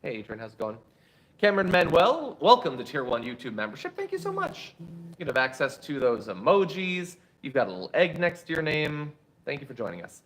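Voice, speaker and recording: A man's voice: on the high side, huge pitch swings, a little fast, fairly bright tone. A man hosting a political commentary show, reading viewer chats with wry asides, and saying he is tired.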